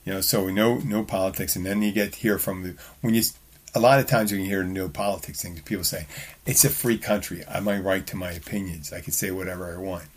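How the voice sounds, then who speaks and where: A man's voice: low voice, steady tone, fast talker, husky. A man hosting a talk show, telling bar stories in a blunt, rambling, profane way with lots of restarts. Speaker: podcast host. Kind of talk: casual solo monologue.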